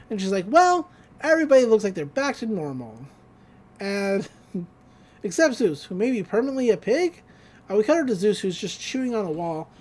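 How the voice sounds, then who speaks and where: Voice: mid-range voice, a little mellow. A podcast co-host casually recapping a cartoon episode, acting out the characters' lines and laughing along the way.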